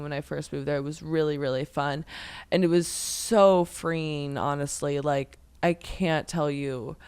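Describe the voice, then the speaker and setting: A woman's voice: deep voice, a little mellow, smooth, no room sound. A woman in her twenties from Pennsylvania, chatting as a podcast guest in a rambling way full of "like". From Pennsylvania, USA. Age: 20s. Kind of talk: casual podcast chat.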